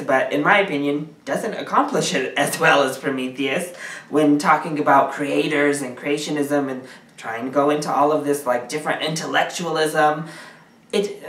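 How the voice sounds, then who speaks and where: A man's voice: fairly high pitch, a bit bright. A man who is a guest film reviewer, giving his views in a casual, emphatic way and laughing often. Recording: roomy, distant from the mic.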